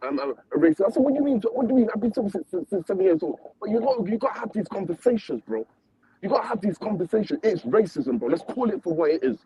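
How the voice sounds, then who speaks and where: A man's voice: high voice, dark tone, slightly rough, low-quality recording. A man on a panel stream, arguing heatedly and repeating himself. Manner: impassioned, repetitive, confrontational. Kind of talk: heated debate.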